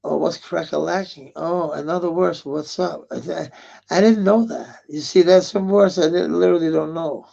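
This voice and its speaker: A man's voice: fairly high pitch, normal speed, gravelly, mellow. A man, rambling in a casual live chat with viewers, swearing often and laughing at comments. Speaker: livestreamer. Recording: muffled lo-fi stream audio.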